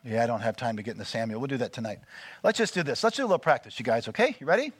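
Speaking at a racing clip with lively intonation, a man preaches to a small church group, coaching them through listening exercises and checking in often. His mid-range voice is slightly rough, and there's no echo.

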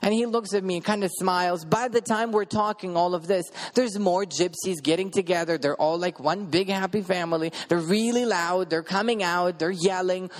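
A man's voice: high voice, moderate pace, few pauses. A man preaching a sermon and telling a testimony, emphatic, repeating his words and asking the audience questions.

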